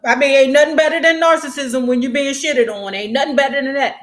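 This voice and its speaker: A woman giving a sassy, slangy, animated recap of a TV episode. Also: sits high, brisk, hardly any pauses. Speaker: show recap host. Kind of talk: casual recap commentary. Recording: echoey room.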